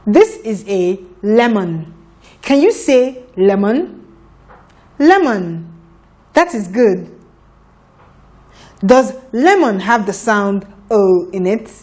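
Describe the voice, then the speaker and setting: A woman's voice: a little high, a little mellow. A woman teaching a phonics lesson to young children, sounding out letters patiently and praising often.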